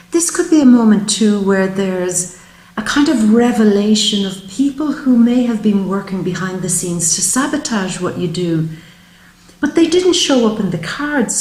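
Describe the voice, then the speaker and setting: A woman giving a spoken psychic tarot reading, gentle, earnest and emotional, often slowing down. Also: mid-range voice, reverberant, rough recording. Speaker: tarot reader.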